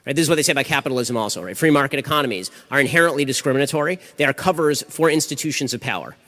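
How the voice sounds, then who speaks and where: A man debating audience members in quick, clipped bursts, often restarting his sentences. His speech rushes along, and it carries the long reverb of a large hall. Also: medium pitch, a bit bright. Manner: fast, clipped, argumentative, frequent restarts. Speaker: speaker answering audience questions. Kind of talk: rapid-fire Q&A debate.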